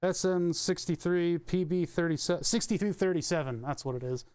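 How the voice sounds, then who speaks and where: A man's voice: high-pitched, a little fast, darkish tone, clean tone. A man chatting casually on a live stream while soldering at his electronics bench, rambling and thinking aloud with offhand swearing. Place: home electronics workbench.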